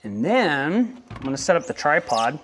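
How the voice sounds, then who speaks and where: Casual young guy vlogging about bike gear, rambles and cracks jokes, voice a bit high. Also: big pitch swings, normal speed, fairly bright tone, a little hiss or hum. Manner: rambling, joking asides. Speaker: motovlogger. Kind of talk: casual vlog talk.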